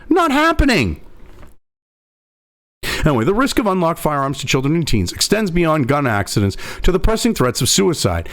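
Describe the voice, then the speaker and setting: A male host delivering a profane, angry political commentary rant full of sarcasm. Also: sits high. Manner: angry, sarcastic, swears constantly.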